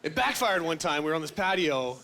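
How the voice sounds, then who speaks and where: High-voiced man doing stand-up. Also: brisk, slight background noise. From Canada. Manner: animated, acts out voices of others. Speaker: stand-up comedian. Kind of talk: stand-up comedy set. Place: comedy club stage with live audience.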